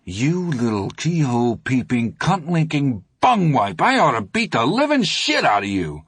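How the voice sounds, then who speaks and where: Guy voicing a cursing teen thug, higher voice, snarly. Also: sing-song, slow, a bit bright, slightly rough, dry recording, exaggerated voice. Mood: enraged. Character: foul-mouthed older teen boy, hot-tempered bully.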